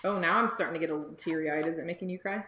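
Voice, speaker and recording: A woman's voice: sits low, rapid-fire, reverberant, background noise. A woman hosting a live cooking lesson for kids from a home kitchen, chatty and encouraging as she talks to viewers. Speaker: cooking teacher and livestream host. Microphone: phone or camera on livestream.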